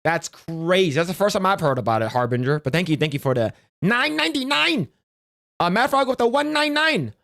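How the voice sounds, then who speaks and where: A man's voice: sits high, very animated, brisk, gravelly, sharp tone, dry recording, clean studio sound. A man streaming live, reading donations in casual chat, stammering and restarting often, joking offhandedly.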